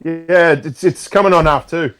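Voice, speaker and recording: A man's voice: a little high, normal speed, fairly bright tone. Upbeat Australian man calling in. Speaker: caller. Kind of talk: casual phone-in chat.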